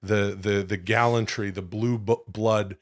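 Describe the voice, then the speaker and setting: A man's voice: on the low side, fairly even intonation, a little slow, no room sound, clean studio sound. A man co-hosting a comedy podcast, rambling animatedly through wrestling talk and silly bits. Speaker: podcast co-host. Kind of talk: casual comedic chat.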